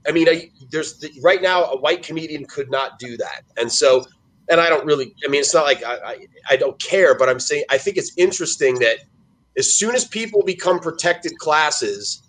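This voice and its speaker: A man's voice: a little high, moderate pace. Rambling man in casual podcast chat. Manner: rambling, restarts often, animated storytelling. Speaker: podcast guest.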